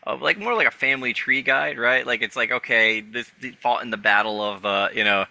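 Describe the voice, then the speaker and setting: A man serves as game master of a tabletop game. His narration rambles and stops to rephrase, full of fillers. His voice is very bright and it sounds close and dry. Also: medium pitch, fairly quick, creaky, no echo.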